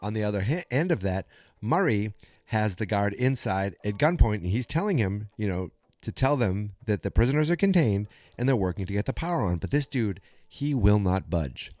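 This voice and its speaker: A man hosting a podcast, recapping an episode in a chatty, animated storytelling way. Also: fairly low pitch, normal speed, dry recording. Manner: chatty, animated storytelling with many fillers and restarts. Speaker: podcast host.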